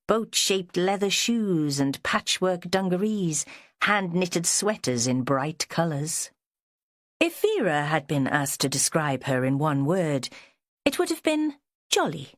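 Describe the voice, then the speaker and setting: A woman reading an audiobook in measured, expressive scripted narration. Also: low voice, dry recording, clean studio sound.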